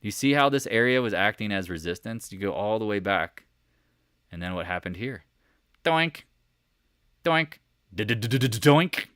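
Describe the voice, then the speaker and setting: A man hosting a live market chat, walking viewers through charts with animated asides and rhetorical questions to the chat. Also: fairly low pitch, brisk, clear, resonant tone, no room sound, clean studio sound. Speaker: market commentary host. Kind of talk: live stock chart commentary.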